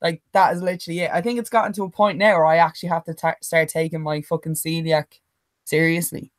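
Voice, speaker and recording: A woman co-hosting a podcast, telling animated stories with plenty of swearing and laughter. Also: deep voice, fast, dry recording, rough recording. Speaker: podcast co-host. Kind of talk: casual chat.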